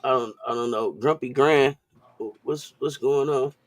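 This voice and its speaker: Mujer charlando suelta en directo, voz seca. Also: female voice, extremely low pitch, a little slow, no echo. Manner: loose and chatty, repeats and restarts phrases, greets viewers in chat. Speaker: sports talk live-stream host. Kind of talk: casual live-stream chat.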